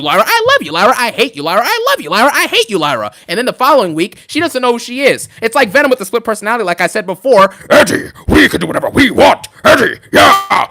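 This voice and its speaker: A young man ranting casually on a live stream about wrestling, fast and animated, full of slang and fillers. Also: high-pitched.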